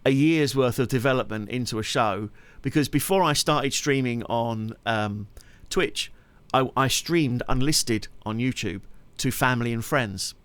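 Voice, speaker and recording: A man's voice: mid-range voice, measured pace, few pauses, a bit bright, clear, resonant tone, no room sound. A man chatting on his live stream, rambling and laughing often. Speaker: streamer and musician. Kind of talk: casual live-stream chat.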